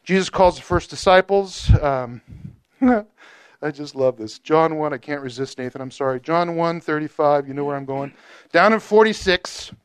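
A man teaching a Bible study group in a casual, animated way, joking and asking questions. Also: on the high side, normal speed, clear, resonant tone.

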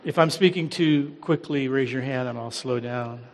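A middle-aged American man preaching as a guest pastor, humble and halting, with many fillers. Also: mid-range voice. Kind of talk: sermon. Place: large church hall. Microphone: handheld or headset mic. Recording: long church hall reverb.

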